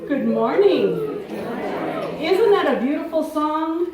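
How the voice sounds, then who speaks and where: Church service leader, female, high soft voice, recorded far off in a reverberant sanctuary. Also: very animated, takes it slowly, over a noisy crowd. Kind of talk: leading a congregation, singing and announcing. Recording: echoey hall from far off, with piano.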